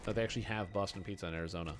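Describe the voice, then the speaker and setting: A man's voice: sits low, fairly even intonation, racing, background noise. A man from Canada streaming a game and chatting casually, sarcastic and rambling as he answers chat. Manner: sarcastic, rambling, mocking quoted voices.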